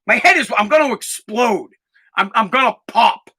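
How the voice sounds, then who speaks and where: Fed-up 40s male podcast host, high, biting voice, profane rant with shouted outbursts. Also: lively intonation, normal speed, breathy edge. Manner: aggravated, profane, bursts into shouting. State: dusty throat, clearing it and coughing. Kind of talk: angry ranting monologue.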